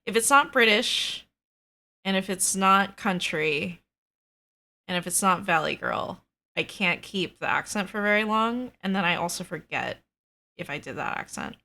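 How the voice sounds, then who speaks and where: A woman's voice: medium pitch, lively intonation, measured pace, gravelly, bright, forceful tone. A woman, the dungeon master of a tabletop game, chatting casually with her players in a rambling way, full of fillers. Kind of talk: casual chat.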